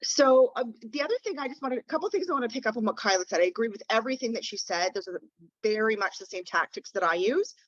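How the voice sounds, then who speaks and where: A woman's voice: a little high, expressive, fast talker, dry recording. A woman defence lawyer teaching in a webinar, talking in a direct, conversational way and leaning on key words, heard through a phone. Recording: dull lo-fi phone audio.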